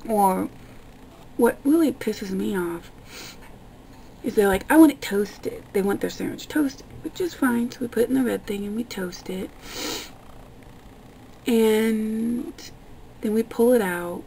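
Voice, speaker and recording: A young woman with a gravelly, slightly high voice rants casually to camera, exasperated and swearing freely. Her tone is mellow and dark rather than bright. A faint hiss of noise sits under the recording. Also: takes it slowly, long pauses, rough recording. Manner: exasperated, profane ranting. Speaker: vlogger. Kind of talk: casual ranting vlog.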